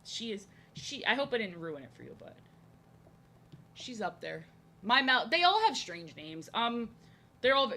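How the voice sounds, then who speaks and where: A woman's voice: medium pitch, bright, forceful tone, a little hiss or hum. A young American woman chatting and rambling casually to viewers while she draws. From United States. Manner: chatty, rambling, self-deprecating. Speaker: art streamer.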